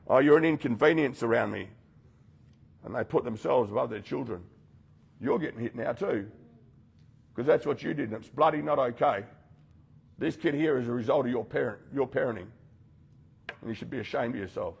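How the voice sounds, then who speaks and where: A man's voice: medium pitch, a little fast, gravelly, pauses often, slightly rough. A man leading a rehab group, giving a blunt, confronting talk that speaks straight to his listeners and acts out the voices he quotes. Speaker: rehab program leader speaking to residents.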